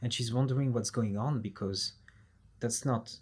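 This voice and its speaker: A man's voice: mid-range voice, moderate pace, background noise. A man hosting a podcast in casual conversation, talking openly and candidly about himself. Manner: open and candid, with many fillers and restarts. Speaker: podcast host.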